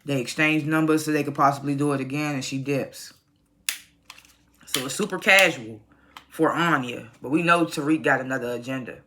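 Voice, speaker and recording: A young adult reviewer recaps a TV episode in a loose, casual vlog, cursing freely and sounding openly exasperated. The voice is bright and sharp-edged, and it jumps up into animated rants. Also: medium pitch, moderate pace, a little hiss or hum. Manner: blunt, profane and exasperated; animated, rising to loud rants. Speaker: TV show reviewer.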